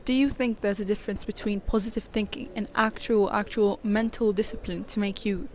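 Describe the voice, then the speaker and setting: A young woman hosts a podcast with playful, teasing banter. Her pitch is ordinary, and there is a faint hiss of noise behind her. The tone stays casual throughout. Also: steady tone, a little fast, a little mellow. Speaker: podcast host.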